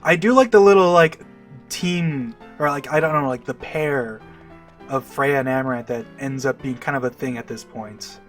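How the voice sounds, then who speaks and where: A man's voice: medium pitch, normal speed, a bit bright. Guy doing casual let's play commentary, rambly n chatty, game music faint behind. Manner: chatty, with frequent "like" and restarts.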